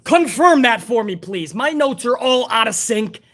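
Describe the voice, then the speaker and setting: A woman's voice: on the high side, animated, a little slow, a bit bright. A woman hosting a live wrestling review stream, ranting bluntly and heatedly with plenty of profanity. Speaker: wrestling show host.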